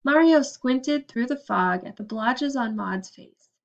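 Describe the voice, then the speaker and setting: Storybook narrator, woman, steady and expressive; fairly high voice, slightly muffled take. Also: slow. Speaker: audiobook narrator.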